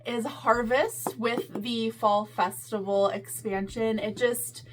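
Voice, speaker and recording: Woman guest, friendly and measured, faint background hiss. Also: a little high, fairly even intonation. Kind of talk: casual chat.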